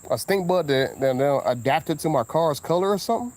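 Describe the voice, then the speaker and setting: A man with a Southern US accent rambling casually as a car vlogger outdoors, drawing out his words and breaking into sudden high exclamations. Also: animated, darkish tone. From Southern United States. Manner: laid-back, drawn-out talk with sudden high exclamations.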